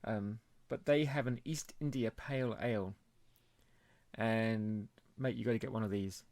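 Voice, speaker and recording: A man co-hosting a beer podcast in casual chat, chatty and quick to laugh. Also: fairly low pitch, steady tone, darkish tone, no room sound. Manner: chatty, laughs often, puts on joke accents. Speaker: podcast co-host.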